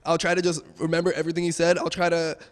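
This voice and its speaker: Fast-talking young man, reverberant venue. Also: on the high side, monotone. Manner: fast, casual, filler-heavy. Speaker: pro gamer. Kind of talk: post-match interview.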